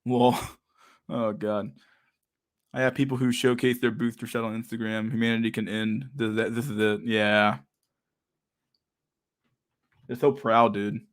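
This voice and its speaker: A man's voice: fairly low pitch, level tone, normal speed. A young man hosting a casual livestream chat, talking in a profane, slangy and sarcastic way, often laughing. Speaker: livestream host.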